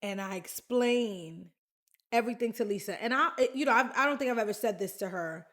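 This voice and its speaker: A woman's voice: medium pitch, a little fast, a bit bright. A woman from the Bronx, hosting a podcast and telling a personal story in a chatty, candid way, talking straight to her listeners. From the Bronx, New York. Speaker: podcast host.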